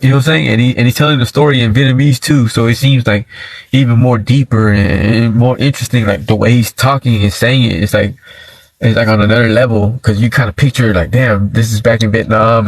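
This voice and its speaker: Sitting in his car on a livestream, a man with a mid-range voice chats casually and tells a story. He's slangy and laid-back, constantly checking in with listeners and saying "you feel me" a lot. The recording is rough but has no room sound.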